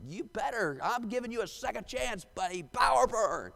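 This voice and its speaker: A man's voice: extremely high pitch, lively intonation, moderate pace, gravelly, a bit bright, pitched above the performer's own voice, heavily acted. A man voicing a boastful, angry ancient king who threatens his listeners, in a reverberant church. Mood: threatening.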